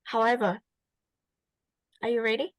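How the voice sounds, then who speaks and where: High-voiced woman teacher, slow and encouraging. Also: little pitch movement, no echo, muffled recording. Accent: Vietnamese. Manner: encouraging, repeats phrases, many fillers. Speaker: English teacher giving feedback. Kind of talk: classroom feedback to a student.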